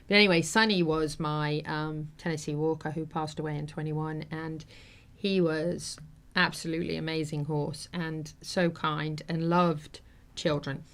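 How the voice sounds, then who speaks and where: A woman hosting a talk show, telling a personal story in an earnest, heartfelt, rambling way with many fillers. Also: low voice. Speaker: host.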